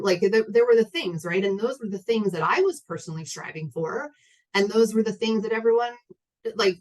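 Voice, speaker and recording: A woman's voice: medium pitch, rough recording. A woman in her thirties telling a personal story to an audience, candid and rambling with many fillers and restarts. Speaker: guest speaker.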